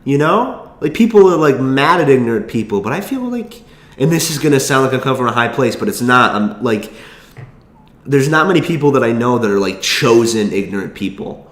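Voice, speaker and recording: A man's voice: medium pitch, expressive, a bit bright, roomy sound. A young man telling a rambling story in casual chat, swearing freely and restarting his sentences. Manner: rambling, profane, quick asides and restarts. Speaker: vlogger.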